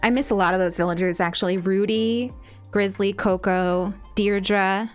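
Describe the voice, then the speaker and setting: A woman from Eastern Long Island with a Long Island accent, chatting casually on a live stream while gaming, rambling and breaking into excited squeals. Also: mid-range voice, moderate pace, clean tone. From Eastern Long Island, New York. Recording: game music playing faintly behind.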